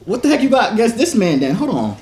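Teasing young man with an animated voice. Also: high voice, quick pace. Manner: teasing, animated, laughs often. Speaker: host coaching his younger brother. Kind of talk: casual chat on a video chat app. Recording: echoey room, faint noise.

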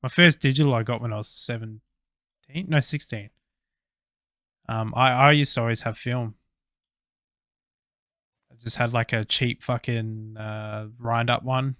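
Bright, crisp-voiced Australian man chatting. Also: mid-range voice, steady tone, measured pace, long pauses, no room sound, studio quality. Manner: rambling, swears casually, lots of fillers. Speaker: podcast co-host. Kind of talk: casual chat.

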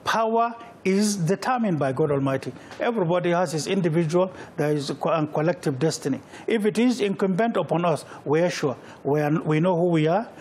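A man's voice: fairly high pitch, a little fast, few pauses, a little mellow, husky. A middle-aged Nigerian man answering interview questions, emphatic and repeating phrases for weight. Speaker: political candidate, guest.

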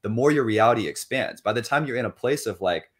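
A young man guest in a casual interview, talking in an animated way, acting out inner voices and swearing casually. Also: medium pitch, quick pace. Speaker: interview guest, money coach.

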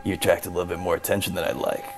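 A man voicing a gruff male alien leader of a jungle band, talking low and measured. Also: level tone, over music. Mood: wry.

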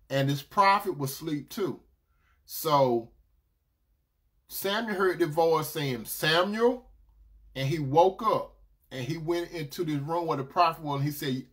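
A preacher carries a sermon in a fairly high voice. He talks in a relaxed, conversational way, restarting phrases as he goes and checking in with his listeners with a quick "right?". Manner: storytelling, with frequent "right?" asides to the listeners.

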